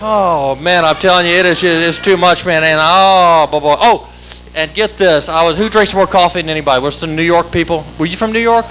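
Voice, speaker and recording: A man doing a stand-up comedy routine on a club stage, wired and chanting words in rapid-fire repetition. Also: high voice, sharp tone, faint music behind, rough recording. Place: club stage with live audience.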